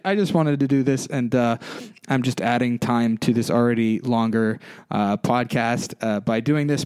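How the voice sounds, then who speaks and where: A man's voice: medium pitch, darkish tone, clean tone, dry recording. A man hosting a podcast, talking casually and apologetically, rambling with fillers and restarts into a close mic. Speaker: podcast host.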